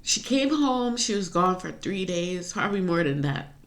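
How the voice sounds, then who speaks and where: A woman's voice: fairly low pitch, expressive, normal speed. A woman talking in a personal vlog, rambling and confessional, laughing to keep from crying. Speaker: vlogger.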